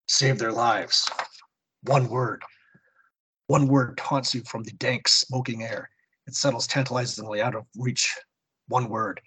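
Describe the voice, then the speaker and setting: A man's voice: mid-range voice, fairly bright tone, husky, low-quality recording. A man hosting a podcast, reading a war comic with theatrical narration and then giving a history segment. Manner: theatrical narration in second person. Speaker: podcast host.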